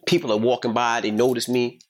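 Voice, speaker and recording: A middle-aged man hosting a casual podcast chat, telling a story in an emphatic, profane, animated way. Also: mid-range voice, fairly quick. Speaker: podcast host.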